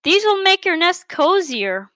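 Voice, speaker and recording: A woman's voice: extremely high pitch, very animated, unhurried, bright, forceful tone, no room sound, voice pushed up, heavily acted. A woman voicing a clever, fussy female magpie who teaches other birds, explaining step by step in a storybook reading. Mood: instructive. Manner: patient but strained, explaining step by step.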